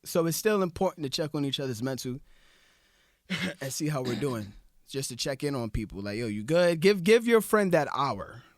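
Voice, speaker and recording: A young man speaks earnestly as a podcast guest, stumbling over restarts as he tells stories. His voice sits in a middle pitch. The sound is dry and close to the mic. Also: animated, normal speed, no echo. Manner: earnest, storytelling, many restarts. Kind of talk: casual podcast chat.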